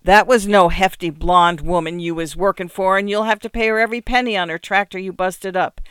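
A woman voicing a harsh, fiercely pious rural wife in a story reading, scolding and loud. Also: lowish voice, a little fast, clean tone, no echo, studio quality, lightly acted. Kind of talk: dramatic reading of a short story.

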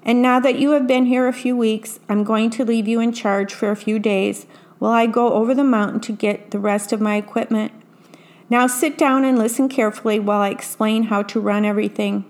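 A woman voicing a brisk, self-satisfied witch who runs a modern business. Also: a little high, fairly even intonation, a little mellow, close to an everyday voice. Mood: smug.

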